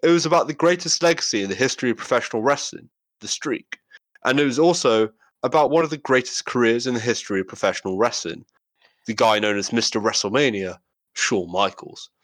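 A man's voice: mid-range voice, a little fast, no echo. A man hosting a wrestling podcast, reading a countdown entry in an announcer tone. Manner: reads countdown entries in a steady announcer tone. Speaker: podcast host. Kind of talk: scripted segment intro and casual chat.

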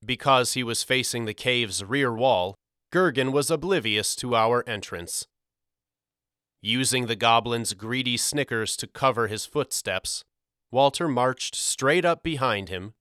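A man narrating a storybook audiobook in a measured, expressive reading. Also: medium pitch, clean tone, dry recording, clean studio sound.

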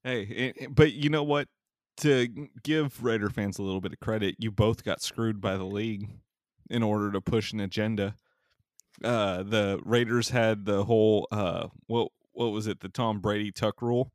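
A man's voice: on the low side, fairly even intonation, normal speed, a little mellow, dry recording, clean studio sound. A man co-hosting a casual sports podcast, teasing and laughing often as he talks. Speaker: podcast co-host.

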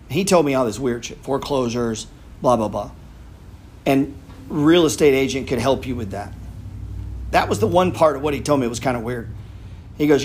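A man's voice: medium pitch, normal speed, a little hiss or hum. A man hosting a live audio chat room, talking casually in a blunt, profane, rambling way. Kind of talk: casual talk.

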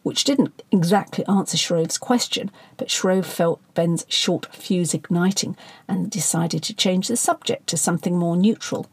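A woman narrating satirical fiction in a wry, sardonic manner. Her voice is gravelly with some fry and a husky edge. The recording is close and dry, with no room sound. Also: lowish voice, measured pace, no echo. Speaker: audiobook narrator.

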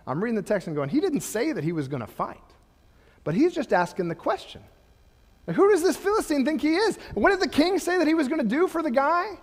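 A middle-aged man preaching a sermon as pastor, animated and rising to impassioned rhetorical questions. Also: very high voice, fast. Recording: long hall reverb.

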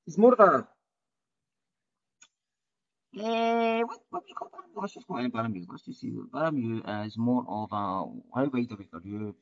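A man's voice: mid-range voice, expressive, quick pace, gravelly, highs cut off. A man hosting a solo podcast off the cuff, rambling and often ending sentences with "right?". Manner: rambling, restarts often, tags lines with "right?". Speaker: podcast host.

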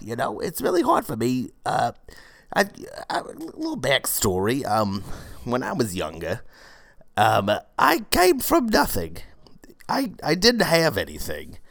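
A man playing rambling cold-yoga woman, low-voiced. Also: dry recording. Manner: rambling, heavy with "uh" and "you know". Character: brash fortyish woman running a failing cold-yoga studio. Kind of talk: improvised comedy monologue.

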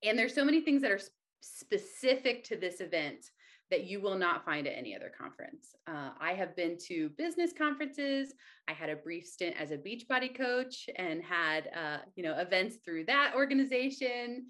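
A woman co-hosting a podcast, excitable and quick, with a self-deprecating humor. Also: mid-range voice. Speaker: podcast co-host. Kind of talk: casual podcast chat.

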